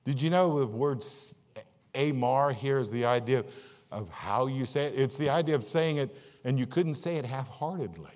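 A man preaching a sermon as pastor, folksy and jokey, with big swings between quiet asides and louder, higher bursts. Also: normal speed. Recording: long reverb of a large hall.

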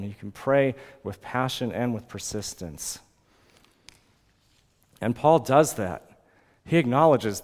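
A man in his forties preaching a sermon as pastor, earnest and lively, now and then acting out pleading prayers. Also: a little high, long reverb tail.

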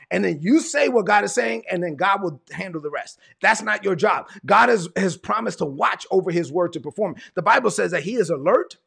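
A man's voice: high voice, vocal fry, a bit bright, slightly rough. A man from Brooklyn, preaching a sermon with emphatic, repetitive cadence. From Brooklyn, New York. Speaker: pastor.

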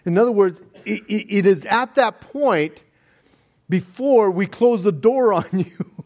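A man preaching a sermon in a deliberate manner, with soft laughs between points. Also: sits high. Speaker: pastor.

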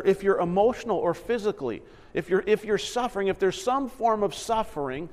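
A man's voice: fairly high pitch, in a large hall. A man in his thirties giving a conversational sermon as a pastor, dropping into other voices for quoted lines. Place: church sanctuary.

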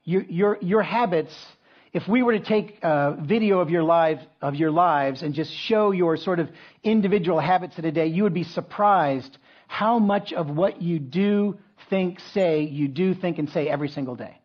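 A man's voice: on the high side, moderate pace. A middle-aged man preaching a conversational sermon, with frequent restarts and asides. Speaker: pastor. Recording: dull lo-fi sound.

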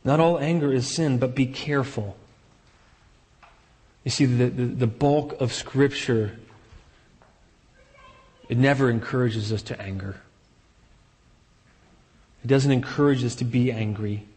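A pastor preaching a sermon in an earnest way, repeating key phrases for emphasis. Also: male voice, medium pitch, steady tone, unhurried, long pauses, a little mellow, in a large hall.

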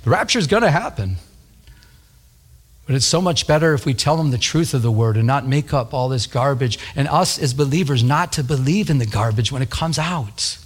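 A man's voice: medium pitch, lively intonation, normal speed, slightly rough. A man giving a Bible study sermon as pastor, talking conversationally and repeating words for emphasis.

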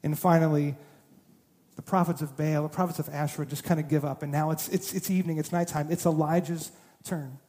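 Guy preaching a sermon, high voice, acts out the quotes, big echoey church hall. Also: brisk. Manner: animated storytelling with dramatized quotes and humor. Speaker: pastor. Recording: long hall reverb.

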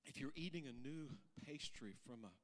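A man preaching a sermon in a church, folksy and repeating himself, swinging from hushed musing to loud shouting. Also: medium pitch, animated, moderate pace, long reverb tail. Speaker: pastor. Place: church sanctuary.

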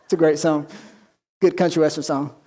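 High-voiced pastor preaching. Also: male voice, level tone, dark tone. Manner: reads scripture aloud and slows for emphasis; folksy, asks the congregation questions. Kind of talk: sermon.

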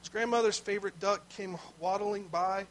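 A man's voice: high voice, steady tone, moderate pace, a bit bright, a little hiss or hum, rough recording. A man preaching a sermon as pastor, telling a story in a conversational way with asides to the congregation.

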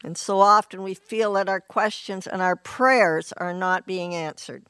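A woman preaching a sermon in an earnest, unhurried way, often clearing her throat. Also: medium pitch, steady tone, a bit bright, dry recording.

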